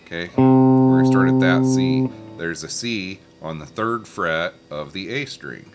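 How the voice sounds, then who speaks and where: A man's voice: deep voice, unhurried. A man teaching a guitar lesson, patiently explaining scales and calling out note names. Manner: patient, talks over guitar, sings note names along. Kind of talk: casual music lesson. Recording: loud guitar playing behind voice.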